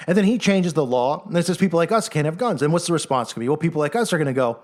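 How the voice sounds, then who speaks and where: A man giving a sarcastic, animated monologue commentary. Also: on the high side, racing, hardly any pauses. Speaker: online commentator.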